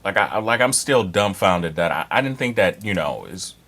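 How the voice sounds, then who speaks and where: A man's voice: low-pitched, sing-song, normal speed, a bit bright. Blunt, profane man in his thirties. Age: 30s. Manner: blunt, profane, rambling with many fillers. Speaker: dating advice vlogger. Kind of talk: casual monologue to camera.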